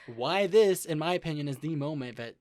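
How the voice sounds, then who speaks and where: A young adult co-host talks through an anime in loose, casual chat, packed with fillers and playful quoted voices. The pitch sits in the middle, and the mic is close and dry with no room sound. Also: animated, fairly quick, darkish tone, no room sound. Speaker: podcast co-host.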